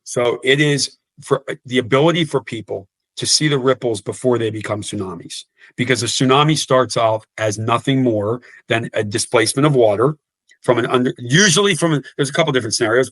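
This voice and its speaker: A man's voice: mid-range voice, a bit bright, no room sound. A man in his fifties talking earnestly in an interview, often repeating words and restarting sentences. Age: 50s. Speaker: guest coach. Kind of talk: podcast interview.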